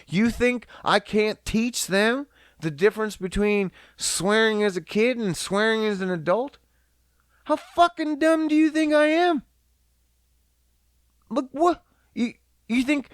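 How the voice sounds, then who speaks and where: Profane, animated man ranting slowly. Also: sits high, no echo, studio quality. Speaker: podcast host. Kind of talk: casual comedic rant.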